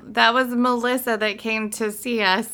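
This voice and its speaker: A woman from Utah co-hosting a podcast in casual chat, swearing freely and telling stories in a lively way. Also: a little high, unhurried. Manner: swears freely, animated storytelling with acted-out quotes. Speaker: podcast co-host.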